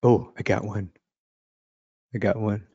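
A man's voice: fairly low pitch, steady tone, measured pace, warm tone, breathy edge, no room sound, dull audio. A man teaching a casual drawing lesson. He talks and laughs as he thinks aloud while sketching. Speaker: art instructor.

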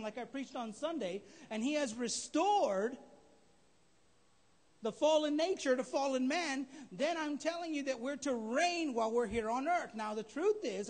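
Male pastor, very high voice, emphatic live sermon, echoing church hall. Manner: emphatic preaching, rising to shouts. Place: church sanctuary.

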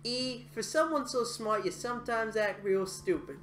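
A woman's voice: on the high side, normal speed, a bit bright, faint music behind, lightly acted. A woman voicing a scornful female henchwoman with a put-on Brooklyn accent, reading game lines aloud. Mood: scolding. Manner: scornful, scolding. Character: mocking female henchwoman scolding a rival. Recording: echoey room, faint noise.

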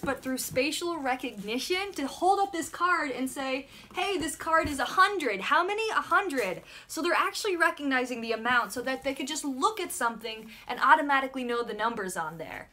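A young woman, a mom, chatting in a bubbly, excited way while unboxing for a vlog at home and talking to her toddler. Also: high-pitched. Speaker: mom vlogger. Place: home room with backdrop. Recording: noisy home recording.

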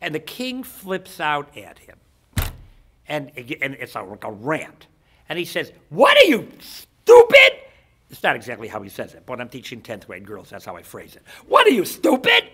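A man lecturing as a rabbi, telling a story in an animated way and often repeating words as he goes. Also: medium pitch, normal speed, breathy edge. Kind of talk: lecture to students.

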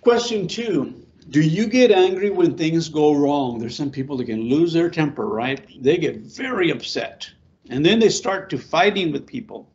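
A middle-aged pastor giving an informal sermon to a small congregation, talking conversationally, asking them questions and repeating words. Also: male voice, on the high side, expressive, normal speed, a little mellow, lo-fi sound.

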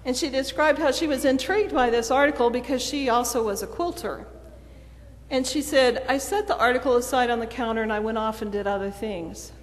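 Speaking fairly quickly in a fairly high voice, a woman preacher tells her sermon like a story and performs the quoted lines of dialogue. The long reverb of the church sanctuary fills the recording.

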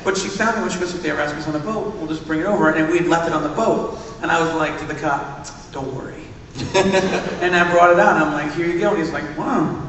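Animated man telling stories in an echoey hall. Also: a little high, quick pace. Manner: animated anecdote-telling, acts out quotes. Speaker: podcast co-host on stage. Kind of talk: live panel storytelling. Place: large convention hall stage. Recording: echoey hall recorded from far off.

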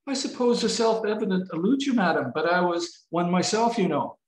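A man's voice: high-pitched, lively intonation, a little fast, pitched above the performer's own voice. A man reading aloud voices an outspoken young woman who speaks up with rising indignation. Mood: defiant. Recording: roomy video-call audio.

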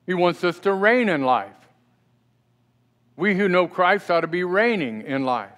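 A man's voice: sits high, lively intonation, measured pace, a bit bright. A middle-aged male pastor preaching a sermon in a church, talking conversationally and often asking the congregation questions. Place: church sanctuary.

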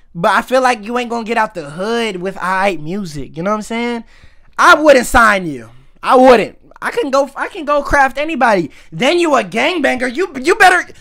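A man's voice: very high-pitched, sharp tone. A man hosting a reaction video, giving blunt, mocking commentary in heavy slang.

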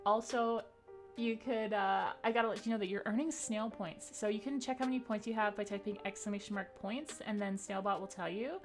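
A woman's voice: medium pitch, steady tone, a little fast, faint music behind. A woman game streamer chatting casually with her viewers, upbeat and giggly, rattling off names from the chat.

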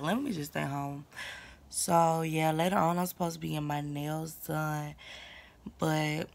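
A woman's voice: low-pitched, creaky. A teenage girl from Atlanta with a Southern accent, chatting casually to her phone camera at home as a vlogger, full of slang and "y'all". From Atlanta, Georgia. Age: teens. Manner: chatty, informal slang, says "y'all" a lot. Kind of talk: casual vlog chat. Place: at home indoors. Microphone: phone camera held close.

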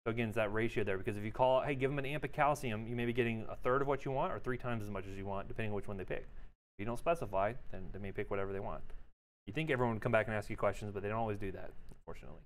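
Fast-talking male lecturer quizzing students. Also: fairly low pitch. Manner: casual, joking with students, quizzing. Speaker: pharmacology lecturer. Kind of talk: exam review lecture.

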